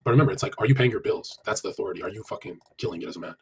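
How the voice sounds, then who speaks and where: Answering chat on a live stream, a man with a lowish voice gives casual dating tips that are blunt and crude. He swears frequently and talks in a fast, run-on stream of fillers, over a faint hiss or hum.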